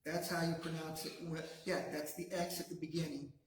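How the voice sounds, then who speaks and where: A man leading a language class, saying words slowly and patiently for his students to repeat. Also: a little high, flat delivery, slight background noise. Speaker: language teacher. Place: classroom, also streamed to a video call. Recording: very echoey room.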